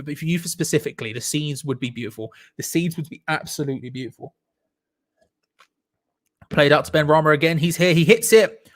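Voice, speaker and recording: A young man hosting a live football watch-along, reacting excitedly to the match and chatting with viewers. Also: fairly high pitch. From England. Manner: excitable, shouts and laughs at goals, chats to viewers. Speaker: fan channel host.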